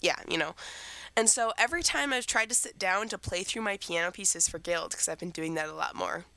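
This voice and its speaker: Recovering from a cold, a teenage girl co-hosting a podcast chats in a meandering way about her week. Her voice is lowish, brisk and gravelly with a sharp tone, and the recording has no echo.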